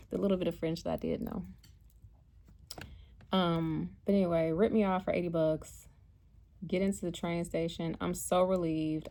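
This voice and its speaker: A chatty American woman tells a story from her travels, her voice low and gravelly. She talks casually and animatedly, slipping into the voices of the people she met. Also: moderate pace, long pauses. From United States. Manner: chatty, animated, acts out quotes. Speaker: vlogger and spiritual card reader.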